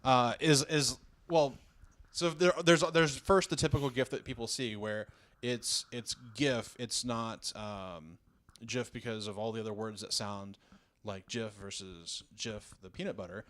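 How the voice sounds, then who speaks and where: A man's voice: medium pitch, steady tone, a little slow, a bit bright. A man from the American South in casual podcast chat, rambling and self-mocking, often restarting his sentences. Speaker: podcast guest.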